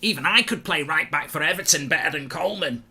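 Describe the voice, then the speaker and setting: A man's voice: on the high side, animated, quick pace, sharp tone, pitched above the performer's own voice, heavily acted. A man putting on a blunt, swearing male football pundit in a mock rant. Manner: gruff, swearing, boastful.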